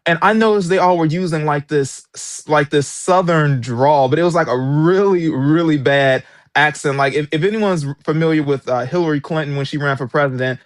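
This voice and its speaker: A man's voice: on the high side, normal speed, hardly any pauses, no room sound, clean studio sound. A man who is an author and former substitute teacher, giving an interview and telling his story with emphatic, indignant energy. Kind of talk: interview guest recounting experiences.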